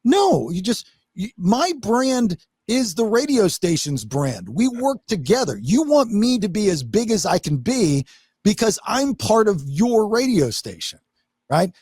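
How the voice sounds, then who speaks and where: A man hosting a podcast, telling stories in a lively way and acting out what people said, with some swearing. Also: sits high, unhurried, breathy edge, no echo, studio quality. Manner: animated storytelling, swearing, acts out quotes. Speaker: podcast host. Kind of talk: casual podcast chat.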